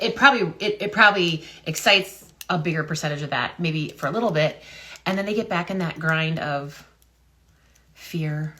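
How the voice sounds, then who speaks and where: A woman's voice: fairly low pitch, a bit bright. A woman talking casually to her viewers in a vlog, rambling and wondering aloud with lots of fillers and restarts. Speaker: health and business content creator. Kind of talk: casual talk-to-camera vlog.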